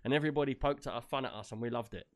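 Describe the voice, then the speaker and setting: A man co-hosting a casual show, chatting in excitable, slangy banter and laughing often. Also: medium pitch, rapid-fire. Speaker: podcast co-host. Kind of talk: casual chat.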